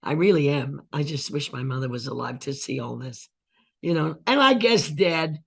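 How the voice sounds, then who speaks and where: An older woman, a guest actress, chatting in an interview with a husky voice, acting out the voices of people in her stories. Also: low-pitched, normal speed. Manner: animated storyteller who acts out quoted voices. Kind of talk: casual interview chat.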